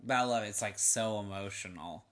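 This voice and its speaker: A man's voice: on the low side, fairly quick, fairly bright tone. A man with a Southern accent hosting a podcast, chatting casually and enthusiastically with lots of fillers. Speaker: podcast host. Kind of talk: casual chat.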